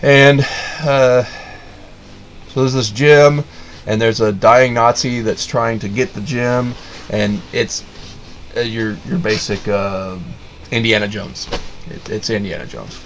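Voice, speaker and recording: A man giving a blunt, casual review of a miniseries, halting with many fillers and restarts. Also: medium pitch, fairly even intonation, slight background noise. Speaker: show host reviewing a miniseries.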